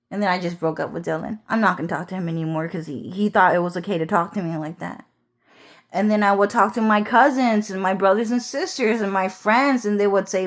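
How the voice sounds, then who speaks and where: A woman vlogger telling a personal story in a rambling, casual monologue, swearing often and filling pauses with "um" and "so anyways". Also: medium pitch. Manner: rambling, profane, frequent "so anyways" and "um".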